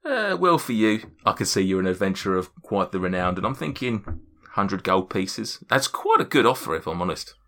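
A man's voice: low voice, very animated, moderate pace, few pauses, fairly bright tone, full character voice. A man voicing a scheming little male gnome who sells potions, in a wheedling sales patter, in a tabletop game. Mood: salesy.

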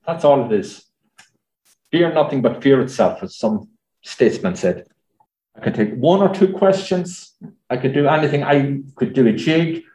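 A man's voice: mid-range voice, animated, moderate pace, warm tone. A man with an Irish accent, a journalist answering audience questions in a chatty, anecdotal way with many fillers. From Ireland. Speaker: journalist and speaker. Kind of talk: audience Q&A at a talk. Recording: roomy echo.

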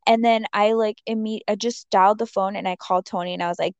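A woman's voice: mid-range voice, a little fast, hardly any pauses, no room sound. A woman telling a story in casual chat, rambling with many fillers and acting out the quotes. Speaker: storyteller in a conversation. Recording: dull dry lo-fi audio.

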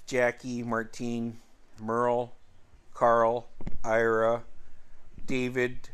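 A man in his forties tells a story from his teenage years in a loose, rambling way. He swears freely, stops to restart sentences and leans on uh and um. His voice sits at an ordinary middle pitch. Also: completely flat delivery, drawn-out words, clean tone. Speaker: vlogger. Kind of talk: casual storytelling.

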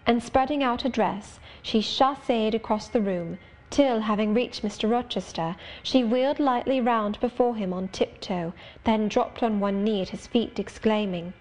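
A woman narrating an audiobook of a classic novel, in clear, steady storytelling. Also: fairly high pitch, a little slow. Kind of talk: scripted narration.

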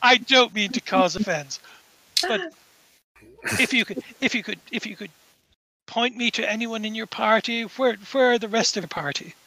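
A man's voice: sits high, moderate pace, long pauses, bright, forceful tone, no room sound, voice pushed up, full character voice, rough recording. A man voicing a polite, fussy male organizer who stammers out apologies.

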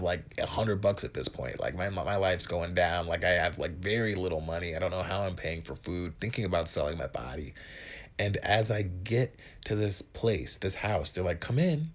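Twenties guy from wisconsin rambling on his podcast, kinda low voice, swears a lot, jokey. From Wisconsin, USA. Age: 20s. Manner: profane, joking, rambling, acts out other people's lines in a higher voice. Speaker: podcast host. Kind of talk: casual storytelling monologue.

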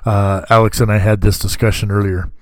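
A man's voice: lowish voice, flat delivery, brisk, dry recording. A man hosting a casual podcast, laid-back and joking, swearing freely as he talks. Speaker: podcast host. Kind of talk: casual chat.

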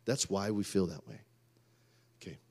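Animated man preaching a sermon. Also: deep voice, normal speed. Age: 30s. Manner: animated, swings from loud outbursts to quiet asides. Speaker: pastor.

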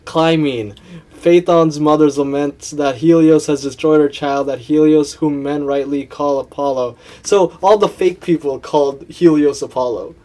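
Teasing young man with a mellow voice. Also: a little high, steady tone, normal speed. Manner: teasing, laughs often, stumbles over words while reading aloud. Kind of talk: casual chat.

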